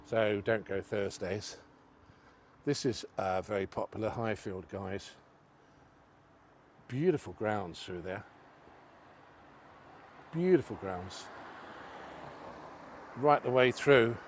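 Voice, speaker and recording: A man's voice: fairly low pitch, slow pace, long pauses, slight background noise. Chatty man on a walking tour. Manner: chatty, rambling, self-mocking. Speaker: vlogger giving a walking tour. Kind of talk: casual chat to camera. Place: outdoors on a city street.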